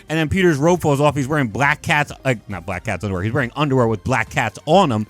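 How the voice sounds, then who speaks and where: A man's voice: medium pitch, lively intonation, quick pace, few pauses, fairly bright tone, soft background music. A man hosting a casual commentary video, ranting in an exasperated, profane and mocking way. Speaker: comic commentary host.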